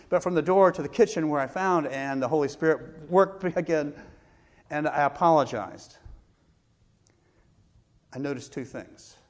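A middle-aged male pastor preaching a sermon, telling a personal story with pauses and self-deprecating laughs. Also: medium pitch, a little mellow.

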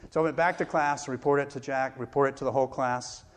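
A middle-aged male pastor preaching a sermon, telling a personal story with pauses and self-deprecating laughs. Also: medium pitch, fairly even intonation, slight background noise.

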